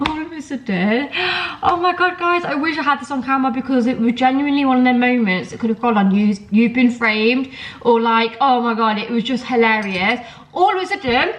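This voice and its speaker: A young woman talks to camera from her kitchen in a casual, rambling way, peppering her stories with ums and likes. Her voice sits a little high, and a sore throat roughens it slightly. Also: a bit bright, poor audio. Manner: chatty, storytelling, lots of fillers like um and like. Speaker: vlogger. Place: home kitchen.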